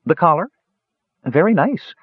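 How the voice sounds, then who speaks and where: A man's voice: fairly high pitch, animated, unhurried, husky, no echo, pitched above the performer's own voice, exaggerated voice. A man doing a jittery caged squirrel. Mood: bewildered. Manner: anxious and fretful. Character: nervous confused male squirrel, caged. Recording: slightly dull lo-fi recording.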